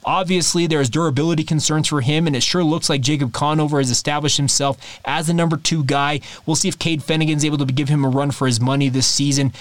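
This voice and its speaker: A man's voice: a little high, fairly even intonation, fast talker, hardly any pauses, dry recording. Emphatic man hosting a sports podcast. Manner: emphatic, bullish, repeats key words for stress. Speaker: podcast host. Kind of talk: solo sports podcast commentary.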